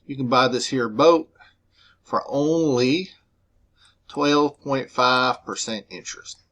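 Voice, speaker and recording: A man voicing a folksy male boat salesman with a drawling sales pitch. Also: takes it slowly, a bit bright. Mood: salesy.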